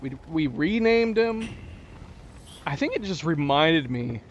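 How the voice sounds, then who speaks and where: A man reacting emotionally while commenting on a video game, halting and searching for words. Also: fairly high pitch, sing-song, highs cut off, slight background noise. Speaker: gaming channel host. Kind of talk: emotional let's play commentary.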